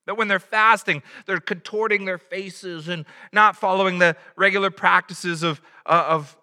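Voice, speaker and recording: Guy preaching, high and really bright voice, chatty, acts out quotes, echoey hall sound. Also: fairly even intonation, moderate pace, clear, resonant tone. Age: adult, has a child. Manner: conversational preaching with acted quotes. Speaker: pastor. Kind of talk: sermon.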